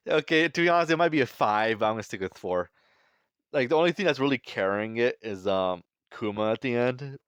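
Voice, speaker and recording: A man's voice: medium pitch, expressive, fairly quick, fairly bright tone, smooth, no echo. A man giving a casual spoken review of a manga chapter, sarcastic and critical, with lots of filler phrases.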